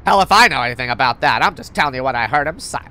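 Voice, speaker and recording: A woman voicing a blunt, swearing teenage delinquent girl in a video game, with a low, dismissive drawl. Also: expressive, rapid-fire, bright, forceful tone, exaggerated voice. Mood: gruff.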